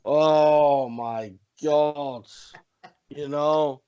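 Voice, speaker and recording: A man's voice: fairly high pitch, steady tone, extremely slow, mellow, clear, resonant tone, dull audio. A man co-hosting a casual wrestling podcast, talking in a rambling, profane way with emphatic repeats. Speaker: podcast co-host.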